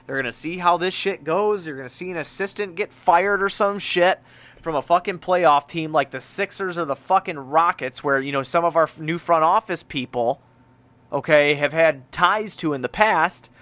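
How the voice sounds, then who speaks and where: A man co-hosting a casual sports podcast, profane and animated, often repeating himself. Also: fairly high pitch, normal speed, dry recording. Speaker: podcast co-host.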